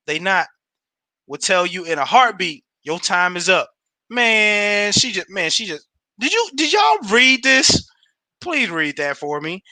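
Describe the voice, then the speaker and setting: A man giving a casual, slangy pep talk on a livestream, animated and laughing often. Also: sits high, unhurried, no room sound. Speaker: home business promoter on a livestream.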